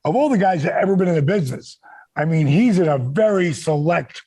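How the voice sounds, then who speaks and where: Gravelly, raspy man telling stories. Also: fairly high pitch, fairly quick. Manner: animated, acts out quoted voices, many restarts. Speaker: guest. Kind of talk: casual storytelling.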